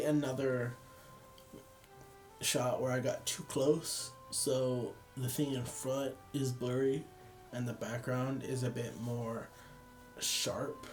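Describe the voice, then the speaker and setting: A tired young man casually rambling and joking as he walks through his photos. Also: mid-range voice. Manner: rambling, self-deprecating, laughs at own jokes. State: tired, yawning. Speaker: photography vlogger. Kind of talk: casual chat.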